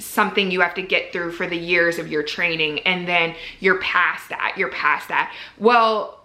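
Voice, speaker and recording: A woman's voice: medium pitch, sharp tone, reverberant. A woman in her twenties, a medical resident, talking casually to camera with lots of "like" fillers and a candid, earnest manner. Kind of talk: casual vlog talk to camera.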